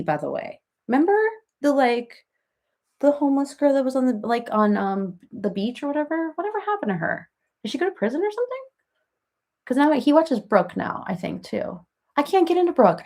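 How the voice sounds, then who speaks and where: A woman's voice: a little high, darkish tone. A middle-aged woman hosting a casual livestream, chatting with viewers in a rambling way full of fillers and restarts. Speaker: livestream host.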